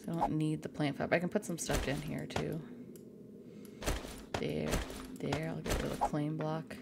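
A woman's voice: sits low, flat delivery, normal speed, gravelly, very noisy. A woman from Canada chatting casually and making crude jokes while playing a game on a live stream.

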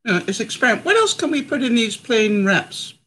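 Speaking a little fast in a fairly high, very animated voice with a bit of brightness, this Canadian vlogger in her middle years cooks at home for a live audience. She's chatty and laughs frequently. The recording is poor.

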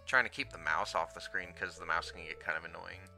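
A man's voice: low voice, steady tone, a little fast, gravelly, pushed and bright, soft background music. A man hosting a let's play, casually explaining the game as he plays with lots of ums. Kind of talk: gameplay commentary.

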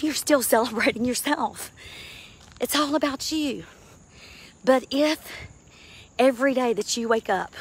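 A woman's voice: on the high side, slightly rough. Emphatic woman preaching a sermon. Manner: emphatic preaching with laughs, addressing the saints. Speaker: minister.

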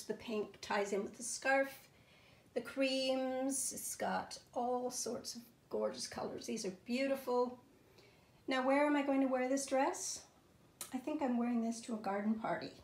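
A woman's voice: fairly high pitch, a little mellow, echoey room. A middle-aged woman showing outfits and perfumes in a home vlog, gushing and enthusiastic, with plenty of fillers. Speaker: fashion and fragrance vlogger. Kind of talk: casual show-and-tell vlog. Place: bedroom at home.

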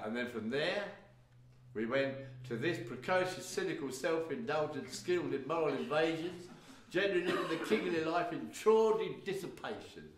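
A man from England introducing folk stories on stage, rambling with lots of fillers and wry asides. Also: mid-range voice. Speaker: folk storyteller and performer. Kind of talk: live stage storytelling introduction. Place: live music venue. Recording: echoey hall, mic from far off, guitar faint behind.

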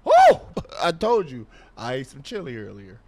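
A man hosting a horror gaming video, joking loudly and often shouting with excitement. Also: a little high, normal speed. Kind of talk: horror game commentary.

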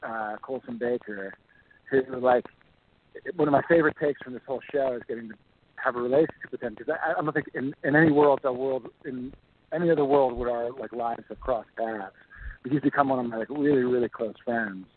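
Texan actor guest, loose and chatty, middle-pitched, heard through a tinny phone line. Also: male voice, brisk, dry recording. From Texas, USA. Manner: relaxed and chatty, many fillers. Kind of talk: phone-in interview chat.

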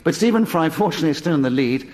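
Brief: male quiz chairman, genial and formal, slightly high voice, live audience laughing loudly behind. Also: lively intonation, rapid-fire, a crowd in the background. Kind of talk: chairing a comedy panel game. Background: studio audience laughter.

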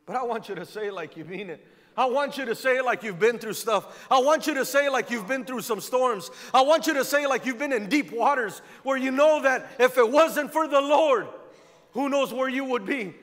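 A man's voice: very high voice, brisk, fairly bright tone. A male pastor preaching a fervent sermon in a church, driving his points home by repeating phrases. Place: church sanctuary. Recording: long church hall reverb.

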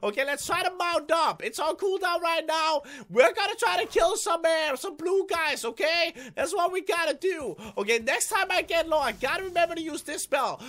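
A man giving excitable gameplay commentary, yelling battle cries and playful trash talk at opponents. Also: extremely high pitch, normal speed, few pauses, a little hiss or hum. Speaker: gaming YouTuber.

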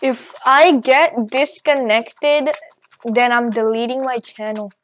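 A woman rambling excitedly through casual gameplay commentary, out of breath and joking as she goes. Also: fairly high pitch, slow pace. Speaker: gaming channel host. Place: at home at a computer.

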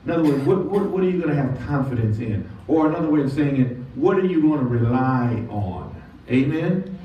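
An animated pastor with a mid-range voice gives a sermon in a church sanctuary, stretching out key words in slow, drawn-out emphasis and leading call-and-response. The audio is distant and echoey, dull and lo-fi, with a little background noise.

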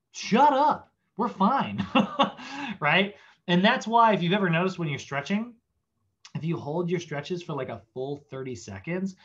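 Chatty man lecturing, lo-fi sound. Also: fairly high pitch. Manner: chatty, animated, acts out body parts in silly voices. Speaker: fitness instructor. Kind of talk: casual recorded lecture.

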